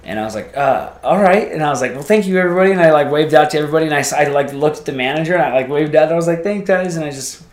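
A man telling a casual story as a podcast guest, rambling and animated, acting out the voices of people he quotes. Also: fairly high pitch, racing, hardly any pauses, reverberant.

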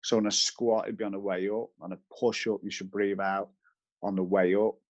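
A man's voice: lowish voice, level tone, fairly quick, a little mellow, lo-fi sound. A man, a fitness trainer giving practical advice step by step in a casual chat. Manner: explains step by step with practical rules.

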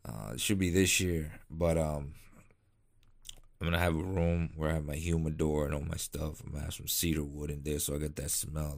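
Very deep-voiced laid-back rambling man. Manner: rambling, many restarts and fillers, laid-back. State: tired, yawning late at night. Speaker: cigar vlogger. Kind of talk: casual rambling monologue.

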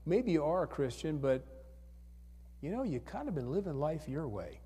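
A man's voice: on the high side, sing-song, normal speed, warm tone, slightly rough. A male pastor leading an altar call, coaxing people to come forward with repeated questions. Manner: coaxing, repetitive, calls for hands again and again. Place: church sanctuary. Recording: church hall reverb.

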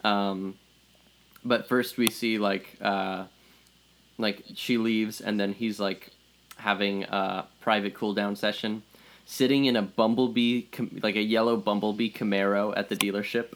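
A man's voice: lowish voice, steady tone, measured pace, a little hiss or hum, poor audio. Rambling male podcast co-host. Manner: rambling plot recap full of fillers. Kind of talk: casual movie review chat.

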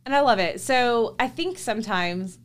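A woman's voice: a little high, animated, moderate pace. A woman hosting a podcast, chatting enthusiastically and filling her talk with "like". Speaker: podcast host. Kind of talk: casual chat.

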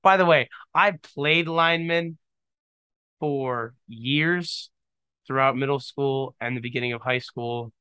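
A man in his twenties hosts a casual solo podcast, joking and rambling off on tangents into a studio microphone on camera. His mid-range voice is bright and forceful, smooth, and slow, with no room sound.

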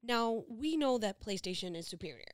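A woman co-hosting a podcast in casual chat, excitable and jokey, often laughing. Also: on the high side, normal speed, dry recording, studio quality. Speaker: podcast co-host.

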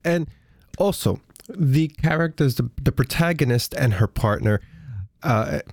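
Slow, halting male interviewer. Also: medium pitch, animated, vocal fry, a little mellow, no room sound, studio quality. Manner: halting, stumbles over words. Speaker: podcast host, interviewer. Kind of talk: interview questions.

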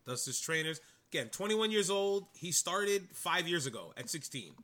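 A man's voice: on the high side, sing-song, normal speed, pushed and bright. A man co-hosting a podcast, chatting in a rambling, enthusiastic way. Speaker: podcast co-host. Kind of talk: casual chat.

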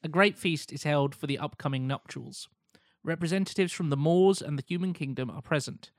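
Steady male podcast co-host reading. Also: a little high, brisk, dry recording, clean studio sound. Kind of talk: reading a plot pitch aloud, casual chat.

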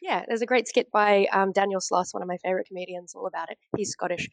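A woman's voice: medium pitch, fairly even intonation, fast talker, vocal fry, dry recording. Chatty Australian woman on a video call. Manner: chatty storyteller, many fillers and restarts. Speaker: podcast co-host. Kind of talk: casual chat.

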